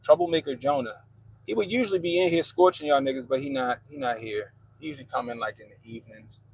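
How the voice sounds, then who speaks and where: A man's voice: mid-range voice, quick pace, creaky, a little hiss or hum, poor audio. A man with a Baltimore accent hosting a livestream, chatting loosely and profanely while reading comments. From Baltimore, Maryland. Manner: loose, profane, laid-back banter. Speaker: livestream host.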